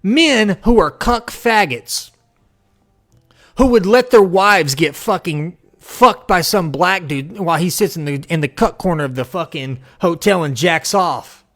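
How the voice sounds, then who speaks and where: A man delivering an angry, profane political rant, swinging between shouting and low growls. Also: measured pace, faint music behind. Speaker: political commentator.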